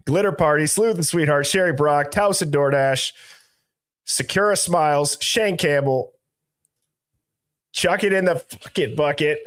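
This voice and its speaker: A man's voice: a little high, a bit bright. A man hosting a casual live stream, reading out viewer names from the chat with loose, jokey asides. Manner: greets viewers by reading chat usernames aloud. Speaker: livestream host.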